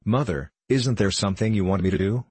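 A man's voice: fairly low pitch, brisk, a little mellow, husky, no room sound. A man reading an earnest teenage boy. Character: earnest fourteen-year-old boy, brave and modest.

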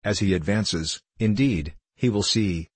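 Reading a classic travel memoir aloud, the male audiobook narrator speaks in a deep, faintly husky tone at a steady pace. The audio is intimate and dry, free of any room ambience.

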